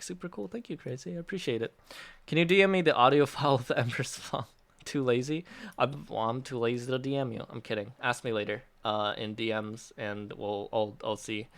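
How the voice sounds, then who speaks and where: A man's voice: mid-range voice, a bit bright, smooth. Upbeat chatty man on a livestream. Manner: upbeat and chatty, laughs often, stumbles and restarts. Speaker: app developer hosting a release livestream. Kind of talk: casual livestream Q&A, reading out chat.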